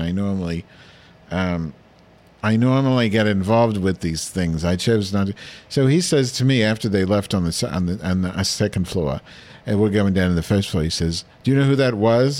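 A man hosting a comedy podcast, telling a crude, meandering story in a deadpan, filler-heavy monologue. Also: fairly low pitch. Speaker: podcast host.

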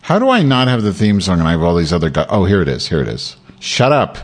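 A man's voice: low voice, sing-song, rapid-fire, over loud music. A man hosting a live podcast stream from home, telling crude stories in a rambling way that jumps between topics. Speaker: podcast host.

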